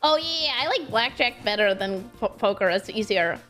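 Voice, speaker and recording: A woman's voice: medium pitch, animated, a little fast, a bit bright, soft background music. A woman streamer chatting casually on a call, laughing often and teasing her guest. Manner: giggly and teasing.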